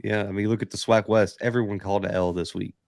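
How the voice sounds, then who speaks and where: A man's voice: fairly low pitch, steady tone, fast talker, gravelly, darkish tone, no room sound, clean studio sound. A man co-hosting a sports podcast, making emphatic points about players and play-calling in repeated phrases. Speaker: podcast co-host. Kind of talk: casual sports analysis.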